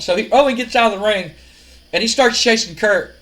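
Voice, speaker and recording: A man's voice: high-pitched, brisk, poor audio. Man rambling through a wrestling game. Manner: rambling, animated storytelling with fillers. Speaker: gaming video host. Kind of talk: casual game play-by-play narration.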